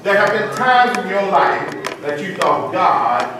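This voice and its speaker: A man's voice: high-pitched, very animated, unhurried, background noise. A male pastor preaching a sermon, leading the congregation in call-and-response and drawing out sung phrases. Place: church sanctuary. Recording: echoey church from far off.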